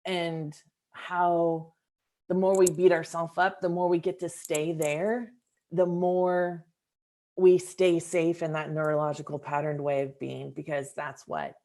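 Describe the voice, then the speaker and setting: A woman's voice: lowish voice, little pitch movement, measured pace, mellow. A woman hosting a podcast interview, talking in a thoughtful, earnest way and speaking straight to her listeners. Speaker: podcast host. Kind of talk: reflective interview conversation.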